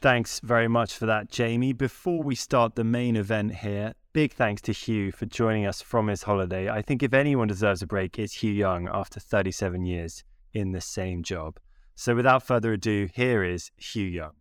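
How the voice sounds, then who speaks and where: A man hosting a podcast in casual chat, relaxed and easygoing as he introduces segments. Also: fairly low pitch, moderate pace, no echo, studio quality. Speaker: podcast host.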